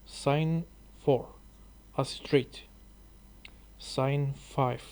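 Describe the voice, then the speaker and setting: Very slow, halting soft-spoken man. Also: mid-range voice, steady tone. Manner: halting, hesitant, apologetic about mistakes. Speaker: English learner reading a book aloud. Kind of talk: slow reading aloud for sleep.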